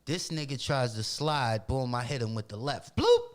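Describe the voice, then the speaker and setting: A man from Boston sits in as a podcast guest and tells a long story in casual, profane chat. He is animated and slips into other people's voices as he goes. His voice sits at an ordinary middle pitch. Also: moderate pace. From Boston, Massachusetts.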